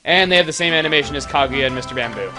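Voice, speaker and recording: A man giving casual, joking commentary over his gameplay, breaking into loud excited exclamations. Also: medium pitch, racing. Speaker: let's play commentator. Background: game music.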